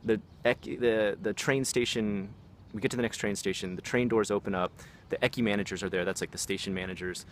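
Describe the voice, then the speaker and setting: A man with a fairly low voice tells stories in a loose, slangy vlog style, swearing freely and leaning on "like" and "man." He talks outdoors in a city, with faint street and traffic noise behind him. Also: steady tone, brisk. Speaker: vlogger. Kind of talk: casual storytelling.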